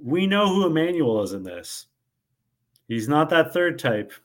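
A man co-hosting a casual recap podcast, talking things through in a measured, explanatory way. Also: on the high side, sing-song. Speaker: podcast co-host.

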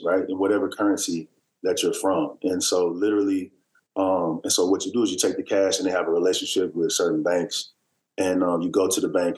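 A low-voiced man spins a loose, winding story as a podcast guest, leaning on fillers and false starts. His deep voice carries a roomy echo around it. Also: darkish tone. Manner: rambling, filler-heavy storytelling with many restarts. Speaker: guest, basketball player. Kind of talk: casual storytelling.

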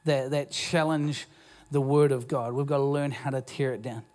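A man's voice: mid-range voice, steady tone, moderate pace, a little mellow. A man with a New Zealand accent preaching a sermon as pastor in a church, in a conversational, self-deprecating way with frequent restarts. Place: church auditorium.

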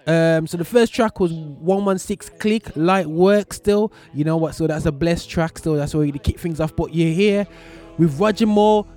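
A man's voice: a little high, normal speed, a little mellow, faint music behind. A man in his forties hosting a casual radio show from a small studio, talking in a loose, rambling way with slang.

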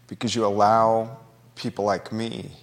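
A man's voice: on the low side, flat delivery, unhurried, gravelly, long reverb tail. A man hosting a local talk show, speaking earnestly and conversationally, at times emotional. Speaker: radio show host. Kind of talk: talk radio monologue.

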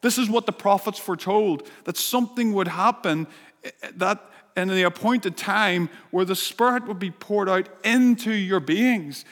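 A man's voice: high-pitched, a little slow, fairly bright tone. A man preaching a sermon and leading prayer, earnest and growing fervent as he reads scripture. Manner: earnest, rising to fervent when reading scripture. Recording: long hall reverb.

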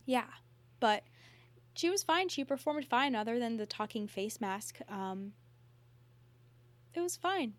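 A woman co-hosting a podcast, talking in a casual, animated way with lots of filler words. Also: a little high, takes it slowly, long pauses. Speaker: podcast co-host. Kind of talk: casual chat.

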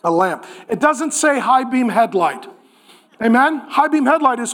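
Man, middle-aged, high voice, pastor, emphatic sermon. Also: lively intonation, measured pace. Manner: emphatic, drops to a hushed intimate tone for stories.

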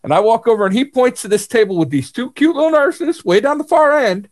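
A high-pitched man, middle-aged, hosting a casual podcast chat. He tells stories in an animated way and breaks into laughter often. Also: fairly quick. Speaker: podcast host.

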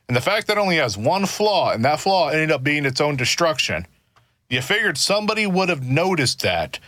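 A man's voice: fairly high pitch, very animated, fairly quick, fairly bright tone, no room sound, clean studio sound. A man in a casual discussion, explaining his points at length with frequent restarts.

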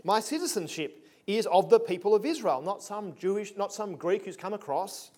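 A man's voice: high-pitched, lively intonation, moderate pace, a little mellow. A man preaching a sermon in a conversational, emphatic way with punchy asides.

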